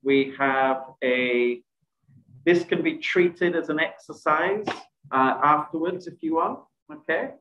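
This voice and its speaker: A man with a fairly high voice runs a presentation skills workshop over a video call, quizzing the group and praising their answers. His audio sounds echoey and dull, like a roomy call mic. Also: slow pace, slight background noise. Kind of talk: online workshop teaching. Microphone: video call microphone.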